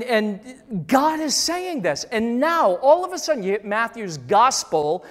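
A pastor preaching a sermon in a lively, dramatic manner. The voice has mid-range pitch. He keeps repeating his key lines and slips into the voices of the people in the stories. A long reverb trails after each phrase, as in a big hall. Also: measured pace, few pauses.

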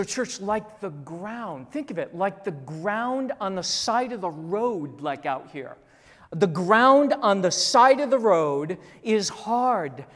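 A pastor in their fifties preaching a sermon emphatically, repeating phrases and dropping to a hush on key words. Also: medium pitch. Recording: long hall reverb.

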